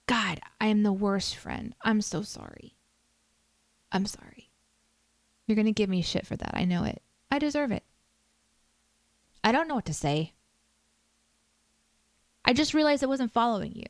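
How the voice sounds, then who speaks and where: A woman's voice: fairly high pitch, animated, unhurried, pauses often, no room sound, faint music behind. Chatty woman streamer, dry sound. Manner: chatty, self-deprecating, reads chat aloud. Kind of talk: casual livestream chat.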